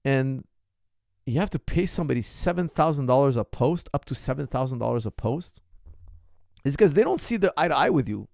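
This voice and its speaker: Male podcast host, passionate rant, gravelly tone, dry close sound. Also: medium pitch, animated, fairly quick, a little mellow, dry recording. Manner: heated, indignant, emphatic. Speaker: MMA coach and podcast host.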